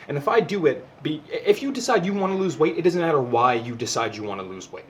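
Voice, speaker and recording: A man's voice: on the high side, very animated, fairly quick, hardly any pauses, slight background noise. A young man giving a heartfelt personal monologue to camera, passionate and emotional, swearing often and tripping over repeated words. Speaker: vlogger.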